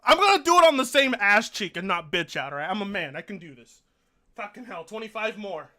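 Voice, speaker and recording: A man on a live stream reads donations aloud while swearing and groaning in pain, whiny and exasperated in casual chat. His voice sits high, with a sharp tone, and he's animated and a little fast.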